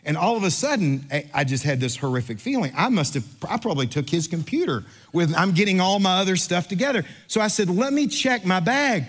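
A middle-aged pastor delivering a sermon in a fairly high voice. He moves from a brisk, animated anecdote full of mimicked voices to slow, weighty reading of scripture. His tone stays conversational and direct with the congregation. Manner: animated storyteller, acts out other voices, then slows for scripture. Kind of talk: sermon with storytelling.

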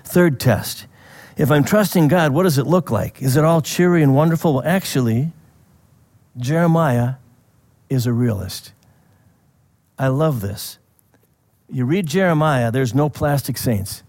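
A man preaching a sermon in a conversational way, asking the listeners questions and laughing softly now and then. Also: medium pitch, measured pace, long pauses. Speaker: pastor.

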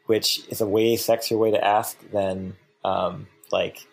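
A man's voice: lowish voice, flat delivery, unhurried, vocal fry. A man co-hosting a podcast, talking about sex in a frank, laid-back way with a lot of fillers. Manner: laid-back, self-deprecating, with frequent fillers. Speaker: podcast co-host. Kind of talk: casual frank sex-education chat.

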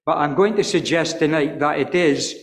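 A man preaching an earnest expository sermon, stumbling and repeating words, and reading scripture slowly in old-fashioned wording. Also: fairly high pitch. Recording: echoey hall with long reverb.

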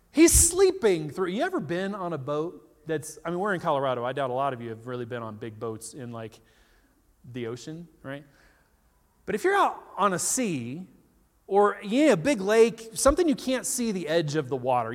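A man preaching a sermon, telling a story with animated retellings and quoted voices. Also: on the high side. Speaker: pastor. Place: church in Colorado. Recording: long reverb of a large hall.

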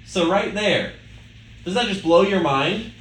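A man's voice: high-pitched, expressive, measured pace, a bit bright. A male pastor preaching a sermon in a conversational way, asking the listeners rhetorical questions. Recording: echoey room with faint ambience.

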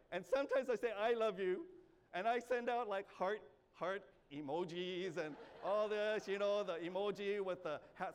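High-voiced preaching man in a hall. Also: clean tone. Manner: earnest, repeats phrases, warm coaxing asides. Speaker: pastor. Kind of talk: sermon. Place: church sanctuary. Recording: reverberant church hall, faint ambience.

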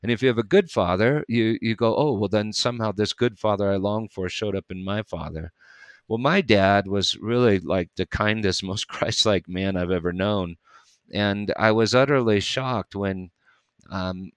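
A preacher with a lowish, smooth, resonant voice tells a story in relaxed conversation. He picks up speed and energy in bursts. The sound is dry and close. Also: dry recording. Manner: animated storyteller, quick bursts.

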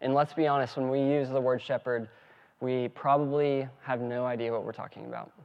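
A man preaching a sermon as pastor, earnest and steady, also leading a spoken prayer. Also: mid-range voice, fairly quick, creaky, smooth, muffled recording.

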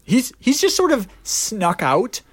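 A young man hosting a podcast jokes his way through a movie review in animated rants full of fillers. His voice is very high and husky, and he talks slowly.

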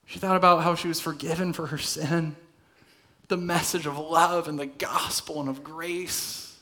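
A man delivers a sermon to a church room in a conversational way. His voice is a little high and bright. He often drops to a soft, intense tone to press a point home. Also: steady tone, normal speed. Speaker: pastor. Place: church hall.

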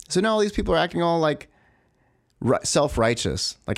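A man's voice: on the high side, very animated, moderate pace, creaky, no echo, studio quality. A man in a profane, exasperated, rambling rant, full of restarts and asides. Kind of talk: ranting monologue.

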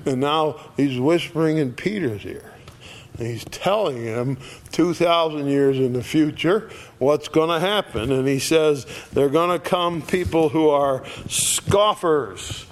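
A man's voice: on the high side, unhurried. A man teaching a Bible passage in a conversational, folksy way, with many fillers and acted-out quotes. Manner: folksy, filler-heavy, acts out scoffers' voices.

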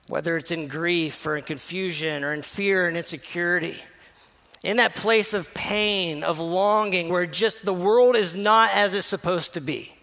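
Gravelly-voiced male pastor preaching. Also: high-pitched. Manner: conversational, earnest storytelling, drops to a soft hush at key moments. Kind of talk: sermon.

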